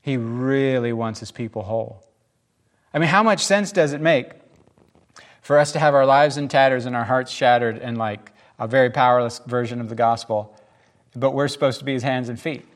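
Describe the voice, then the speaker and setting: A man preaching a casual sermon, animated and jokey, often acting out the voices in the scripture he reads. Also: mid-range voice, normal speed. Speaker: pastor.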